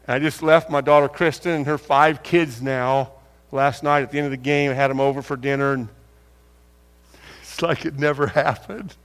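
Speaking at medium pitch with a steady tone and moderate pace, this older man gives a folksy sermon full of stories, addressing the congregation conversationally. He acts out dialogue, his slightly bright voice carrying a long hall reverb.

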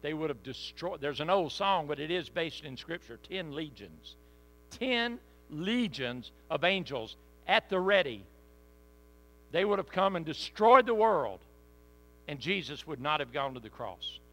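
A man's voice: a little high, sing-song, measured pace, fairly bright tone, low-quality recording. A man preaching a sermon as pastor, reading scripture dramatically and speaking straight to his congregation.

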